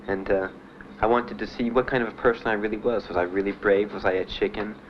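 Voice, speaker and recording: A young man giving halting, plain spoken testimony as a war veteran, with many pauses and fillers. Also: fairly low pitch, fairly even intonation. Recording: muffled 1970s archive recording with faint hiss.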